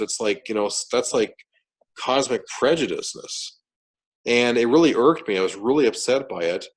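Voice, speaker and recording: A man with a lowish voice recounts his experience as a guest in an interview. He talks animatedly, doubling back on words and restarting sentences as he goes. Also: normal speed, rough recording. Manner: animated, repeats words and restarts sentences while retelling events. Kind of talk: casual storytelling interview.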